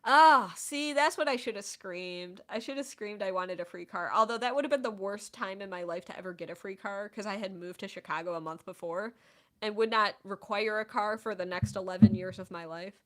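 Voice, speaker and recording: A woman in her thirties hosting a casual chat stream, telling stories in an animated, chatty way. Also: mid-range voice, a little fast. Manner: chatty, animated storytelling with laughs.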